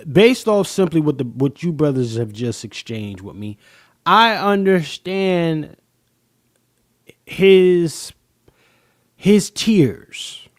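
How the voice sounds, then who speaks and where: A man hosts a live stream in a casual, profane manner, talking right to his viewers. His pitch sits a little high and swings widely as he reacts. The sound is dry and close, with no room around it. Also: dry recording. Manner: animated and profane, addressing viewers directly. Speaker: host of a live-stream talk show.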